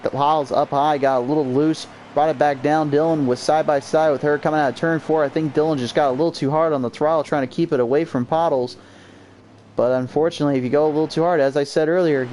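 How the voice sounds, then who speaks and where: Excitable young male race commentator. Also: quick pace. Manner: energetic, jumps high on crashes. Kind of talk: excitable sim racing play-by-play. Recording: noisy amateur stream audio.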